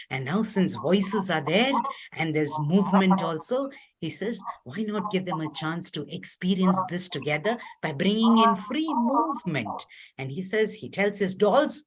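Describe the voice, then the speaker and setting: A woman facilitating an online arts workshop, gently instructing and telling a story as she leads group voice exercises. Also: on the low side, very animated, normal speed, slight background noise. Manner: storytelling narration with soft asides. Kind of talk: guided arts workshop over a webinar.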